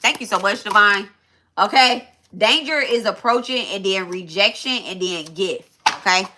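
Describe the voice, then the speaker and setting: A woman's voice: mid-range voice, moderate pace, sharp tone, a little hiss or hum. A woman giving a loose, casual spiritual reading to her viewers, swearing freely and restarting her sentences as she thinks aloud. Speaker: tarot reader.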